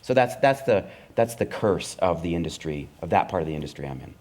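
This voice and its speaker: A man's voice: low voice, animated, brisk, darkish tone. A middle-aged man from Canada, a comedy writer telling stories in a live onstage conversation, dry and wry, acting out the voices of others. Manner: wry, anecdotal, acts out the voices of network executives. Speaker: comedy writer and performer, guest.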